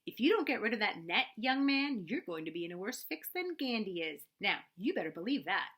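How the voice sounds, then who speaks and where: A stern farm mother from a storybook, as a woman reader puts her on. She scolds in a hard, clipped voice with a bright edge and lively rise and fall. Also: medium pitch, fairly quick, husky. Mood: cold.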